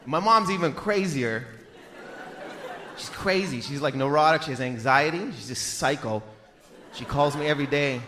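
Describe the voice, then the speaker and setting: A man in his thirties doing stand-up comedy on a club stage, animated and exasperated, breaking into loud impressions. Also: high voice, a little fast, in a large hall, some chatter behind.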